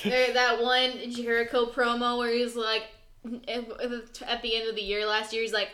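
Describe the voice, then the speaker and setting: Chatty young woman, quick to laugh. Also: a little high, completely flat delivery, bright, forceful tone, smooth. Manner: chatty, laughs easily, trails off. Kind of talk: casual family chat.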